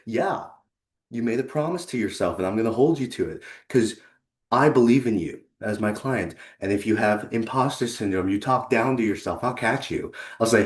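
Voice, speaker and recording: A man giving an earnest, conversational presentation on a video call, pausing for effect. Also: lowish voice, reverberant. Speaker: leadership consultant and presenter. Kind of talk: presentation to a remote audience.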